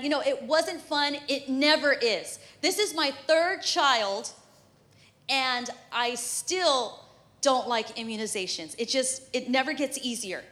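A woman in her thirties delivers a sermon with a high, light voice. She talks to the congregation like a friend, telling stories from her own life with humor and easy laughter. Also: sharp tone. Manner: conversational and humorous, laughing often. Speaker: preacher. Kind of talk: sermon with prayer and personal story.

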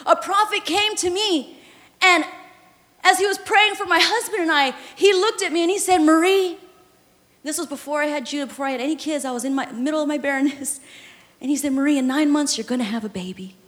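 Impassioned high-voiced woman preaching in a hall. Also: steady tone, a little fast. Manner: impassioned, swings from hushed to shouting. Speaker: pastor. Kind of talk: sermon. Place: church sanctuary. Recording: reverberant church hall.

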